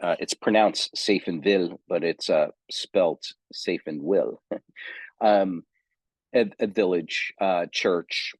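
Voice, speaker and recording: A man's voice: low voice, slow, no echo. A man giving an unscripted seminary lecture on theology, thinking aloud with many ums and self-corrections.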